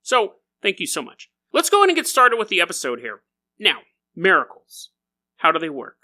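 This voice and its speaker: A man hosting a podcast, telling stories in a goofy, animated comedic monologue and often laughing as he talks. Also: high-pitched, moderate pace. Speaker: podcast host.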